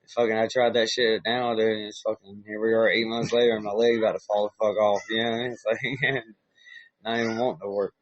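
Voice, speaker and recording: A man's voice: fairly low pitch, little pitch movement, fast talker, dry recording. A middle-aged man with a Southern US accent, a podcast host in casual chat, laid-back and swearing a lot. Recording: dull, muffled dry recording.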